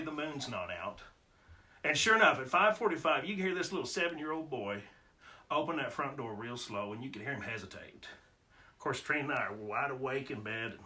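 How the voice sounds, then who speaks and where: A man's voice: medium pitch, pushed and bright. Folksy man telling a story. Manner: folksy, unhurried, with homespun humor. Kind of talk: casual spoken storytelling.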